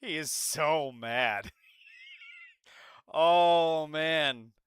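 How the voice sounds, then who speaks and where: A man's voice: fairly high pitch, extremely slow, clear, resonant tone. A man streaming live, reacting to clips with heated, mocking, profane commentary.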